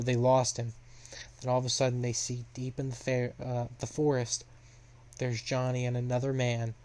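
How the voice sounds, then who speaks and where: A man's voice: medium pitch, darkish tone. A young man casually recapping a story plot, rambling with lots of fillers.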